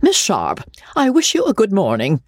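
A woman's voice: mid-range voice, wildly swooping pitch, moderate pace, no echo, clean studio sound, pitched above the performer's own voice. A woman voicing a stern, pompous old headmistress with a stately manner. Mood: haughty.

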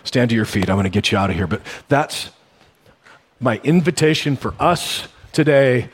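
A man preaching a sermon as pastor, telling stories in a conversational way with sudden animated bursts. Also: mid-range voice, normal speed, slightly rough.

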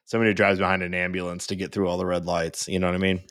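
A man with a fairly low voice co-hosts a relaxed podcast, telling stories with restarts and quick laughs. His voice is recorded close and dry, with no room sound. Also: dry recording. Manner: rambling, self-interrupting, quick to laugh. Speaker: podcast co-host. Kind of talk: casual chat.

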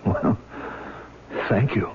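An actor playing a nervous, skeptical young man in a 1970s radio drama, startled and stammering. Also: drawn-out words. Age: young adult. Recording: tinny old radio broadcast with faint hiss.

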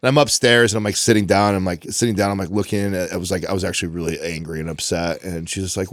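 A man's voice: low voice, fairly even intonation, quick pace, hardly any pauses, no echo. A man in his forties, a trainer co-hosting a podcast, venting bluntly with plenty of swearing in casual chat on a studio mic. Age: 40s.

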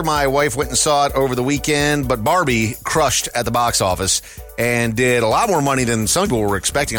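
Male radio host, upbeat quiz patter, lively pitch, bright voice. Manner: upbeat game-show patter. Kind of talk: radio show segment hosting.

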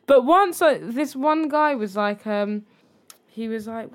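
A woman's voice: a little high, steady tone, unhurried. A young woman co-hosting a casual podcast, frank and joking, swearing casually. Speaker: podcast co-host. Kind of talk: casual chat.

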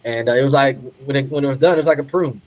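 A man, a guest on a podcast, telling stories in a relaxed way, laughing often and repeating words for emphasis. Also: medium pitch, very fast, low-quality recording. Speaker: podcast guest, retired pro soccer player. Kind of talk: casual storytelling.

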